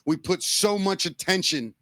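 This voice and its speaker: A man's voice: high-pitched, animated, unhurried, a bit bright, no room sound. A man co-hosting a podcast, talking in a casual, emotional way and swearing freely. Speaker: podcast co-host. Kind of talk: casual chat.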